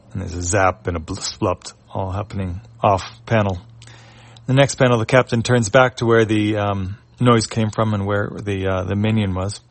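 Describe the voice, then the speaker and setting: A man casually reading a comic aloud and describing its panels, halting often with filler words. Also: lowish voice, fairly even intonation. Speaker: reader of a webcomic.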